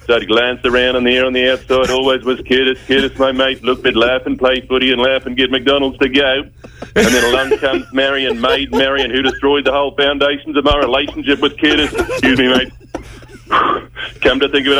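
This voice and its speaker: A man giving a comic best man's wedding speech in a bitter deadpan, full of horse-racing puns. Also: mid-range voice, low-quality recording.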